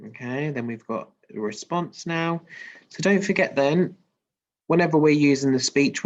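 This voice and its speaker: A primary school teacher giving a recorded writing lesson, explaining patiently and asking young pupils questions. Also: mid-range voice. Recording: dull lo-fi sound.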